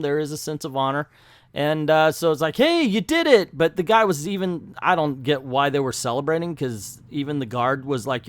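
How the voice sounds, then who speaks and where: A man's voice: fairly high pitch, clean tone, no echo, clean studio sound. A man casually recapping a comic book, joking and slangy as he acts out the quotes. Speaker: comic book video host.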